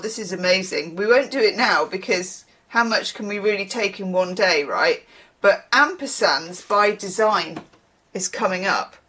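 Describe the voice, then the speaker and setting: A woman's voice: mid-range voice, a bit bright. A woman hosting a tarot channel, chatting playfully on her own and trying out odd words in mock example lines. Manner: playful, reads words out slowly and tries them in mock example voices. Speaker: tarot reader and channel host. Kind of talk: casual solo talk to camera.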